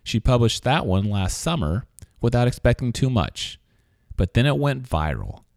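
A man hosting a podcast, reading a scripted introduction and then chatting with a guest in a relaxed, conversational way. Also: medium pitch, normal speed, gravelly, no echo, clean studio sound. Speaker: podcast host. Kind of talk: scripted narration and casual interview.

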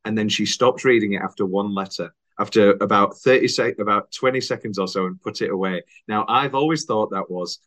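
A man's voice: fairly low pitch, fairly quick. Chatty young man, podcast host. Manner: chatty, laughs often, lively retelling with put-on voices. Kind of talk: casual film podcast chat.

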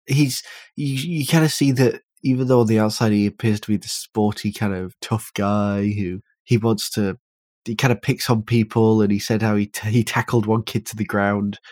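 A man's voice: on the low side, steady tone, moderate pace, darkish tone, dry recording. A man with a British accent, analysing a film thoughtfully in casual podcast talk. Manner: thoughtful, analytical, hesitant restarts. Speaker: podcast host.

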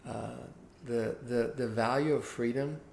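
An earnest man in his sixties tells his life story as a guest in an interview. His voice is mid-pitched and gravelly. The room is echoey, with a faint hiss behind him. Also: a little slow. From Cuba. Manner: earnest, animated anecdote telling. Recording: roomy echo with faint background hiss.

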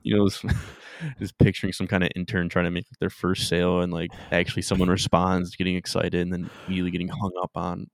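A man's voice: sits low, monotone, a little fast, gravelly, dry recording, clean studio sound. A man co-hosting a podcast, chatting casually and laughing often as he tells stories. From Michigan, USA. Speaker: podcast co-host. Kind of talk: casual chat.

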